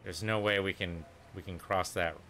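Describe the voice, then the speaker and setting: A man's voice: sits low, steady tone, normal speed, pushed and bright, faint music behind. A man casually commenting on his own gameplay, thinking aloud and muttering to himself as he plays. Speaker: let's play gamer.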